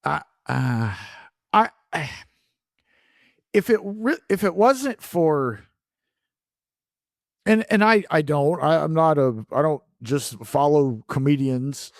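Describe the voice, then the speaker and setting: Man, podcast co-host, casual chat, halting, trails off and restarts, fairly high voice, dry close sound. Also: animated, no room sound.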